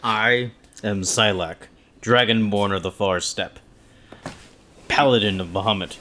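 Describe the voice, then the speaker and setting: A man's voice: fairly low pitch, a little slow, bright, forceful tone, slight background noise. A man voicing a dragonborn paladin knight who solemnly declaims his titles. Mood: grandiose.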